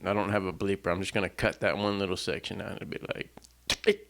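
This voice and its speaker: Rambling low gravelly musician. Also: male voice, flat delivery, quick pace, a bit bright. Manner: rambling, self-deprecating, many fillers and restarts. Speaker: singer-songwriter. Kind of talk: casual talk between songs. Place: small home stage setup. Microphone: stand mic in front.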